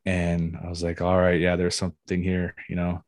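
A man's voice: deep voice, completely flat delivery, normal speed, darkish tone, no echo. A man telling a personal story in a casual, rambling way, leaning on "you know" and laughing now and then.

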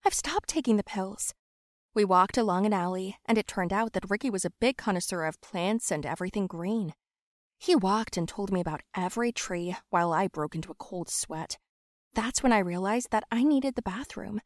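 A young woman telling a first-person story in a lively, confessional way. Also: medium pitch, moderate pace, no room sound, clean studio sound. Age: young adult.

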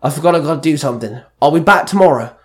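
A man voicing an eager young bowling champion who talks excitably. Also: a little high, rapid-fire, lightly acted.

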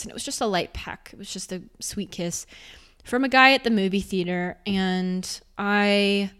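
A woman speaking candidly and reflectively in a personal storytelling monologue, her loudness rising and falling as she goes. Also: medium pitch, clean tone. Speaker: speaker on faith and sexuality.

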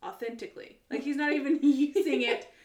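Emphatic higher-voiced woman co-host. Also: steady tone, darkish tone, roomy sound. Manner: emphatic, drawn-out opinionated rants. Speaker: podcast co-host. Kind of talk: casual chat.

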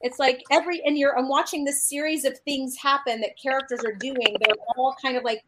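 A woman's voice: sits high, steady tone, fairly quick, sharp tone, slight background noise. A woman, a panel guest, telling a casual story and acting out quoted lines of dialogue. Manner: anecdotal, acts out quoted dialogue.

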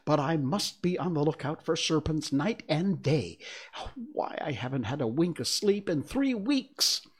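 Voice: sing-song, a little slow, breathy edge. A reader voicing a frantic mother pigeon who shrieks, sobs and scoffs, in a storybook reading. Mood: aggrieved. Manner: shrill outbursts, then sobbing and scornful.

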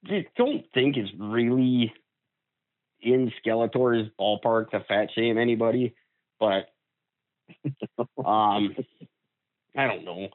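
A man's voice: fairly low pitch, no room sound, narrow, tinny audio. A man co-hosting a podcast, talking in a blunt, sweary, sardonic way in casual chat. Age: older. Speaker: podcast co-host.

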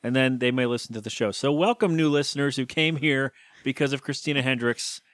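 A man's voice: medium pitch, a little fast, fairly bright tone, no room sound. Dry-sounding joking male podcaster. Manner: joking, rambling with many fillers. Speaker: podcast co-host. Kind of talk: casual chat recapping a TV episode.

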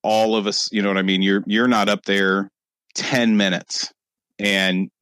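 Low-voiced rambling male game master. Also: little pitch movement, measured pace, a bit bright, clear, resonant tone, dry recording. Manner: rambling, many fillers. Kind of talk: narrating a tabletop game.

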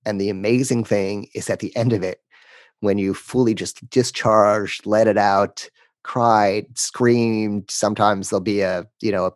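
A man speaking as a podcast guest, telling a candid story in a halting way, often restarting sentences and emotional at times. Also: on the low side, fairly even intonation, no room sound.

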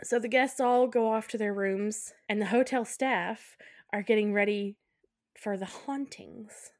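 A woman's voice: mid-range voice, steady tone, moderate pace, no echo, studio quality. A woman co-hosting a podcast, recapping a film in casual chat and laughing often. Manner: laughs often, acts out quotes in voices. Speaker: podcast co-host.

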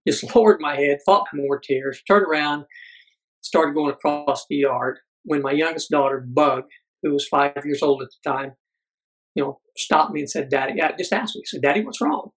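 A middle-aged man, a podcast guest, telling a personal story earnestly, halting with many fillers. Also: fairly high pitch, fairly bright tone, low-quality recording.

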